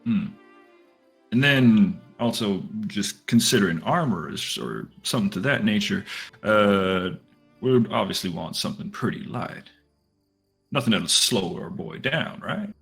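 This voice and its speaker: Guy playing his character in a tabletop game, husky and gravelly, kinda low, polite. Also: lively intonation, a little slow, fairly bright tone, faint music behind. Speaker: player.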